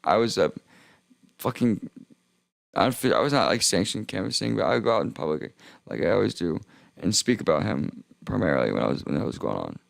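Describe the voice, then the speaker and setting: Very animated and talking a little fast, a young streamer rambles through a profanity-laced livestream monologue in a deep, gravelly voice full of vocal fry. He keeps interrupting himself mid-sentence and circling back, and the close, dry recording has no echo or room around it.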